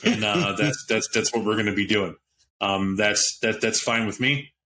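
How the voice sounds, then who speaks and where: A man's voice: lowish voice, normal speed, pushed and bright, a little hiss or hum. A man on a podcast panel, talking animatedly about a tabletop game with frequent restarts and asides. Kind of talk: casual roundtable chat about a tabletop game.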